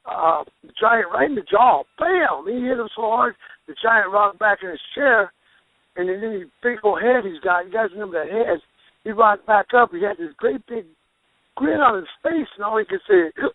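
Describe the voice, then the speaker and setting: A man who is a pro wrestler, a guest telling rambling, animated stories with restarts and folksy exclamations. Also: sits high, dry recording. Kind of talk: storytelling interview. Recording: phone line, dry.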